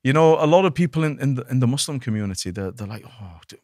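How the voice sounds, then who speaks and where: Earnest imam talking with many restarts. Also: male voice, medium pitch, very fast, dry recording, studio quality. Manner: animated, many repeated restarts. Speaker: imam, podcast guest. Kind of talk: earnest conversational discussion.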